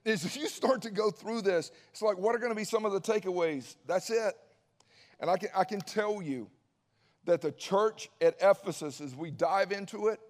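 A man preaching in a lively, conversational way, his voice sitting a little high and ringing out with a long hall reverb. He drops in folksy asides as he teaches. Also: moderate pace. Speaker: pastor. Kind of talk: sermon.

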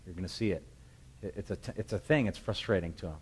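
Lower-voiced man preaching a sermon. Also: quick pace, husky. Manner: acts out scripture voices, shouting the calls across the hills.

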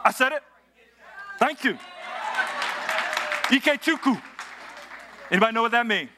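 A man's voice: very high-pitched, expressive, fast talker, background noise. A man preaching a sermon to a congregation, telling travel stories, asking the crowd questions and building to bursts of praise. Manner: storytelling with audience call-and-response, rising to shouts of praise. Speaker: pastor. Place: church auditorium with congregation.

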